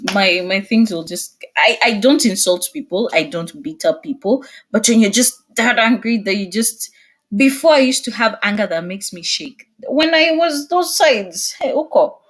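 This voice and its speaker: A young woman speaking as a guest in a casual video-call interview, expressive and laughing often. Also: medium pitch.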